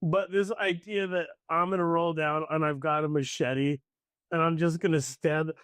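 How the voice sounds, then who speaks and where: A man's voice: on the high side, steady tone, moderate pace, a bit bright, smooth, dry recording. A man co-hosting a casual podcast chat, swearing and acting out movie scenes. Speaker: podcast host.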